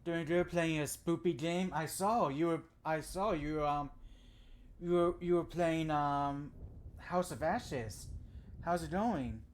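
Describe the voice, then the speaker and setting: A relaxed game streamer talks to viewers in casual live-stream chat. The delivery is slow and unhurried, with easy chuckles between remarks. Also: mid-range voice.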